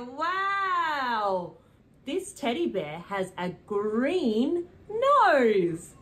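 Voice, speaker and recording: A young woman with a British accent, presenting a preschool lesson in a slow, sing-song, animated way, with gasps and cheers. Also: high voice. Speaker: children's presenter. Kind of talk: preschool teaching.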